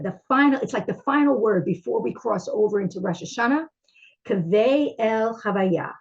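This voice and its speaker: A woman's voice: mid-range voice, lo-fi sound. A woman teaching a class, talking in a heartfelt, searching way with many fillers and restarts.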